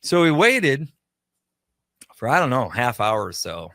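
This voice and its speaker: Guy rambling through a story on a radio show, acts out the back-and-forth, middle-pitched voice, dead dry mic. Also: very animated, measured pace, bright, forceful tone, no echo. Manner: chatty anecdotal storytelling, acts out quoted dialogue. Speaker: guest, pop culture shop owner.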